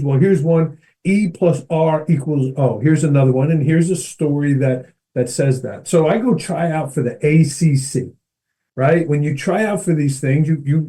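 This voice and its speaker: A middle-aged man, an educator and speaker, telling a story as an animated podcast guest who keeps checking in with his listener. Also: a little high. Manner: energetic, keeps checking in with "right?" and addresses the host by name.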